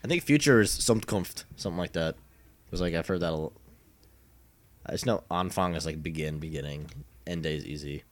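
A young man co-hosting a casual chat, talking loosely, swearing casually and trailing off into quieter mumbles. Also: low voice, a little fast, pauses often.

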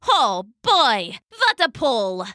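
A cheerful storybook dog who talks in a friendly, slightly clipped way, as a woman puts her on. Her delivery is unhurried and bright, with a dry, close sound. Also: on the high side, big pitch swings, no echo, heavily acted. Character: cheerful female farm dog.

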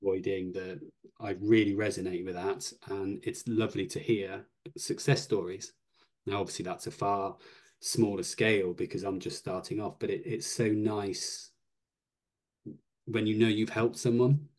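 A man's voice: lowish voice, fairly even intonation, normal speed, darkish tone. A man in a casual podcast conversation, speaking reflectively and restarting sentences hesitantly.

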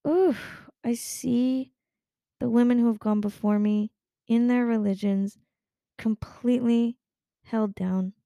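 A woman's voice: a little high, fairly even intonation, a little slow, vocal fry, long pauses, dark tone, no echo, studio quality. A young adult woman hosting a casual talk show, venting with frequent swearing and laughter. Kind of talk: casual chat.

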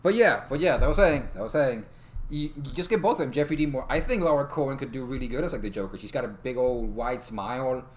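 A young man chatting casually as a podcast co-host, excited, swearing often and stumbling over his words. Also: medium pitch, quick pace. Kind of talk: casual chat.

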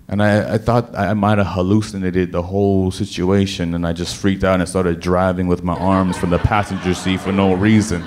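A man with a somewhat low voice spins a story for a live crowd. He talks in an animated way, tripping over restarts and pushing hard on key words. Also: moderate pace, few pauses. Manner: animated, stammering restarts, bursts of emphasis. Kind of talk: storytelling before a live audience.

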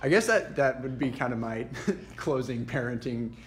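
A man's voice: mid-range voice, animated, moderate pace. A man hosting a podcast, steering the conversation with short reactions and easygoing remarks. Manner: brief reactions, steers the segments. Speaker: podcast host. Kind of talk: casual chat.

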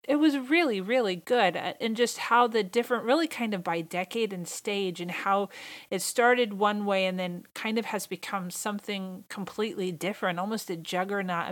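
A woman hosting her own podcast in a casual solo monologue, talking with gushing enthusiasm. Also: medium pitch. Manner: enthusiastic, gushing fan talk. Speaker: podcast host.

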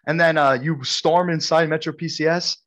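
A man's voice: a little high, steady tone, normal speed, fairly bright tone, muffled recording. A man from Brooklyn co-hosting a podcast, telling a story between friends and laughing often. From Brooklyn, New York. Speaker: podcast co-host. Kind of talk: casual storytelling chat.

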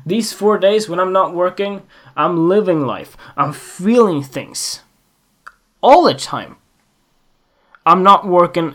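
A man's voice: fairly high pitch, a bit bright. A man talks alone into a podcast mic in an unscripted monologue. He rambles and circles back on himself, drops frequent curses for emphasis, and keeps asking the listener pointed questions. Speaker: podcast host.

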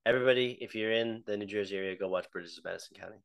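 A man co-hosting a casual podcast, laid-back and deadpan, swearing freely. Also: lowish voice, very fast, creaky, clean tone, no room sound. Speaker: podcast co-host. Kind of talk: casual chat.

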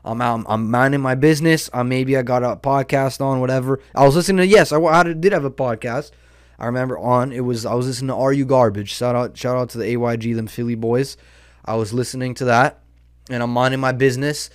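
A young man hosts a podcast, telling a story as a casual monologue that rambles and is full of profanity and slang. His medium-pitched voice is steady, clean, and a little fast, recorded dry with clean studio sound.

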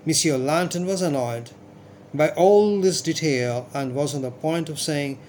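A man narrating a classic short story in a measured, steady reading. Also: fairly high pitch, slight background noise. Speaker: audiobook narrator.

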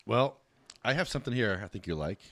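Low-voiced joking podcast host. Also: male voice, animated, a little fast, fairly bright tone, no room sound. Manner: crude joking banter. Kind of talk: casual chat.

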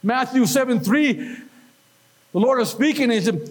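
A man preaching a sermon, animated, with call-and-response and questions to the congregation. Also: very high-pitched, a little slow, long pauses. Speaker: pastor.

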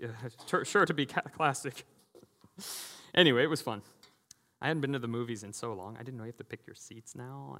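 A man in his thirties preaching in a casual, storytelling way, often breaking into laughter and filling gaps with "you know". His mid-pitched voice rings out with the long reverb of a church hall. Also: fairly bright tone. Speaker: pastor. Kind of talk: conversational sermon with personal stories. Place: church sanctuary.

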